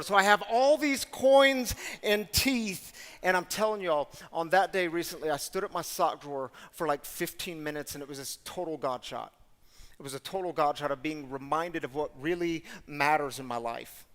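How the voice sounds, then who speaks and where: A man serving as guest storyteller, delivering a sermon-style story in an animated, conversational way and speaking directly to the audience. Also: sits high, in a large hall.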